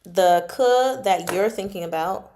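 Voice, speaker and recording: A woman's voice: medium pitch, unhurried, background noise. A woman hosting a casual livestream lesson, chatty and self-correcting, sounding out Mandarin tones as she explains them. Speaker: livestream host teaching Mandarin.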